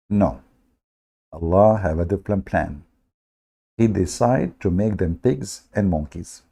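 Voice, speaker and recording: A man with a low, dark, gravelly voice hosts a livestream. He retells a story with a sarcastic, mocking edge in broken English. His speech is loose and conversational. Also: unhurried, long pauses. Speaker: host of a livestream. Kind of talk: livestream commentary.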